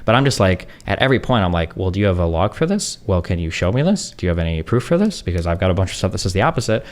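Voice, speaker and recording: Talking very fast with big swings in pitch, a deep-voiced streamer in his thirties vents in a casual monologue. He's exasperated and sarcastic, slipping into mocking voices of others as the story goes.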